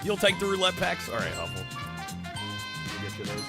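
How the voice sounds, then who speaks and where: With a high voice, big pitch swings and a fairly quick pace, a man hosts a casual livestream. He chats in a relaxed way and thanks viewers, with music playing beneath his voice.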